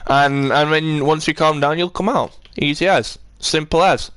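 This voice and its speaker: A man's voice: on the high side, fairly even intonation, normal speed, a bit bright, clear, resonant tone, dry recording. A man chatting on a live stream, rambling and ranting as he answers his chat.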